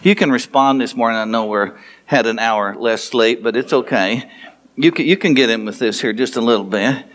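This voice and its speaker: A man's voice: moderate pace, a bit bright. A man preaching a sermon, retelling a story with playful asides and acting out the dialogue. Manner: storytelling, playful, acts out dialogue with rising pitch. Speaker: pastor.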